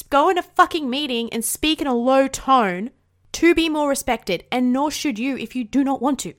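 A woman's voice: high-pitched, a bit bright. An Australian woman hosting a casual solo podcast, bubbly and outspoken, swearing freely, with rising inflections at the ends of her sentences. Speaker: podcast host.

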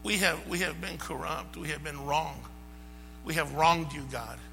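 A man preaches an impassioned sermon in a high, gravelly voice that swells into shouts. His tone is bright and forceful. The hall gives a long reverb, with faint music and hum behind him. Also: measured pace. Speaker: pastor.

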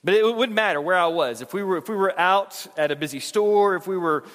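Higher-voiced man preaching in a reverberant hall. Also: lively intonation, a little fast, a bit bright. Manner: conversational, repeats words when emphatic. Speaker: pastor. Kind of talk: sermon.

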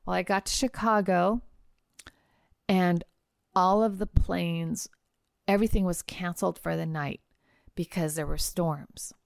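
A woman hosting a podcast, telling a personal travel story in a chatty, animated way with casual fillers. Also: fairly low pitch, measured pace, vocal fry, long pauses, no room sound, studio quality. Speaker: podcast host and trial lawyer.

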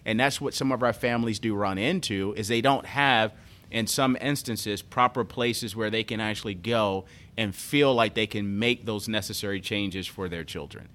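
A man who leads a children's charity, speaking as a guest and telling stories in an earnest, animated way. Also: fairly low pitch, normal speed. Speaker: nonprofit CEO and guest. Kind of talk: conversational storytelling.

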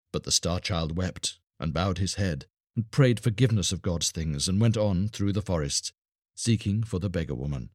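A man reading an old-fashioned storybook tale aloud in a measured, expressive way. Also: deep voice, no room sound, studio quality.

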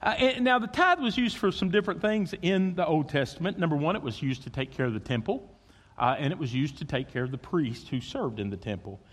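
A man preaching a sermon as pastor, swinging between loud emphasis and hushed, intimate tones. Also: fairly high pitch, lively intonation, a little fast, long reverb tail.

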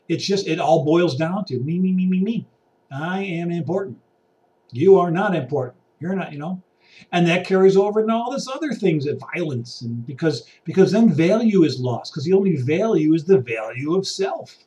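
Man with a fairly high voice, casual sarcastic vlog rant, recorded outdoors a bit far from the mic. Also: a little mellow. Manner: ranting, sarcastic, acts out impatient people. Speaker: vlogger. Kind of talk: casual rambling monologue. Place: outdoors by water.

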